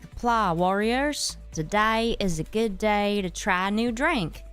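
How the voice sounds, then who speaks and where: A woman's voice: mid-range voice, a little slow, fairly bright tone, soft background music. A woman chatting casually to her live-stream audience as host, hesitant and a little scattered, with many fillers and restarts. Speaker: streamer hosting her channel.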